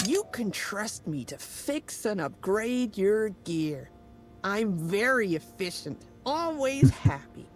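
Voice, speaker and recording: An actress voicing an eerily cheerful, possessed female mechanic in video game dialogue, speaking slowly in a sing-song way. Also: medium pitch, sing-song. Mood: eerie cheer. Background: game music.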